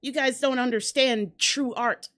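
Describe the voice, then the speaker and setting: A woman hosting a casual reaction commentary, sarcastic and profane, tossing out quick asides. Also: high voice, fairly even intonation, fairly bright tone. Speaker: commentary host.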